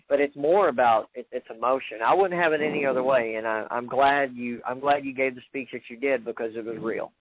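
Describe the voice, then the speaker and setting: A man co-hosting a radio show, chatty and joking in casual talk. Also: medium pitch. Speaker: radio co-host. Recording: dry, phone-like line.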